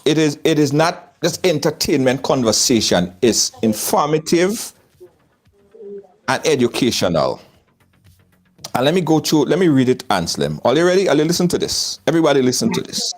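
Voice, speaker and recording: Very animated and a little high-pitched, a man with a Trinidadian accent talks at normal speed. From Trinidad, he hosts a lively live talk show on a video call, frequently laughing and repeating himself.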